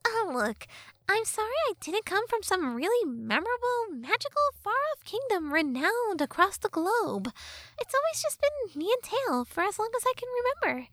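A woman voicing a sarcastic but caring young female fairy in a storybook reading, with a high snappy teasing voice. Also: very animated, moderate pace, fairly bright tone, no room sound, exaggerated voice. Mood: wistful. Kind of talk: audiobook character voice.

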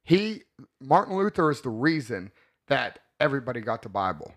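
A man's voice: mid-range voice, big pitch swings, normal speed, a bit bright. A man hosting a casual podcast chat, crude and rambling, who laughs often. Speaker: podcast host.

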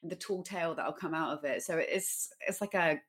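Woman, kinda low voice, chatty and informal, lots of likes. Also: fairly quick. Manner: chatty, informal, many fillers like "like". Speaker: podcast co-host. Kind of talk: casual literary discussion.

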